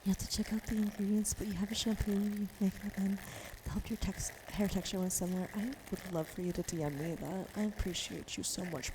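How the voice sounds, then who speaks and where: A woman in her forties hosts a whispered role-play stream, her hushed voice carrying a gravelly fry. She teases her chat softly between giggles and a lingering cough. A steady hiss of noise sits under the home mic. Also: mid-range voice, a little fast, hardly any pauses. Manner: soft whispering, giggly, flirty teasing toward chat.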